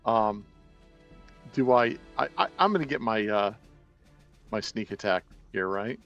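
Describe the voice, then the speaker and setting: A gravelly man playing in a tabletop game. He talks hesitantly and restarts his sentences often, with faint music playing behind him. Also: fairly low pitch, animated, measured pace, fairly bright tone, highs cut off. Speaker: player.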